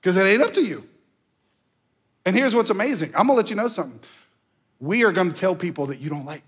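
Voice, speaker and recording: High-voiced animated male preacher. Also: husky. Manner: animated preaching with sudden pitch jumps and mock voices; slows down for emphasis on key phrases. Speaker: pastor. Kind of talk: sermon. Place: church sanctuary.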